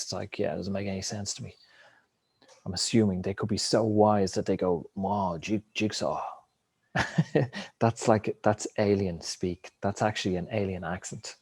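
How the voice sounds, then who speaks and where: A man with a fairly low voice talks through big ideas in a loose, wandering way, tossing in the odd curse word. The sound is dry and close, with no room around him. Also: steady tone, moderate pace, darkish tone, slightly rough, dry recording. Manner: rambling, reflective, swears casually. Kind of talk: casual spiritual monologue.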